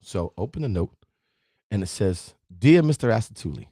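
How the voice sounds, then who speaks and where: A man's voice: fairly low pitch, animated, normal speed, warm tone, breathy edge, no echo, studio quality. A middle-aged man hosting a live motivational stream, talking straight to his viewers and the chat. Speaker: host of a live positivity show.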